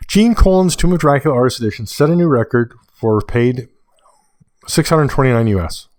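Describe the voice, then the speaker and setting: A man talks through a solo podcast episode at a mid pitch, rambling and correcting himself as he goes. His voice gets excited in quick asides. The sound is dry and close, with no room around it. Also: no echo. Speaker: podcast host. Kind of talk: casual solo podcast monologue.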